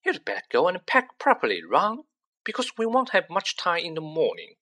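A reader voicing a middle-aged storybook mother who speaks briskly and shrilly. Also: mid-range voice, wildly swooping pitch, sharp tone, breathy edge, pitched above the performer's own voice, heavily acted.

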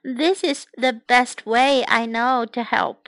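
A woman doing a gentle storybook mother. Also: a little high, fairly even intonation, takes it slowly, dry recording. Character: patient, loving mother pig.

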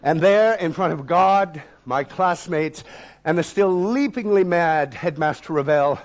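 A man in his sixties performs a story on a talk-event stage, declamatory and theatrical. His voice sits a little high for a man and swings between hushed asides and booming lines. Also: measured pace. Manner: dramatic, declamatory, sweeping shifts in loudness. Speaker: theatre director and solo performer.

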